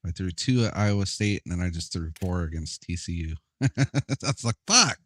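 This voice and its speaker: A young man with a fairly low voice talks loosely over his gameplay, cursing freely and laughing at his own bad luck. He rambles in a relaxed, offhand way. The sound is dry and close, with no room around it. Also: a little fast, no echo. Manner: profane, laid-back, laughing, rambling. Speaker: gamer playing a college football game. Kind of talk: casual gameplay chat.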